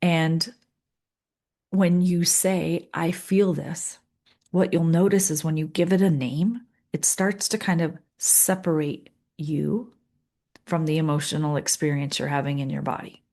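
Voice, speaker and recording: A middle-aged woman leading a guided coaching session, calm and earnest, repeating phrases with pauses. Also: low voice. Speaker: leadership coach.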